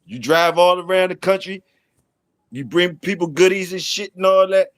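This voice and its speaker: A middle-aged man chats casually on his own stream, swearing freely and laughing as he teases people. His voice sits a little high for a man. The sound is dry and close, with no room echo. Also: moderate pace, a bit bright. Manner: laughing, profane, teasing banter. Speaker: channel host. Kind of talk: casual livestream chat.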